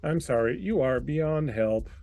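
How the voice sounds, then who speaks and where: A man's voice: mid-range voice, lively intonation, a little slow, creaky, mellow, faint music behind. A man voicing a polite little service robot in a tabletop game.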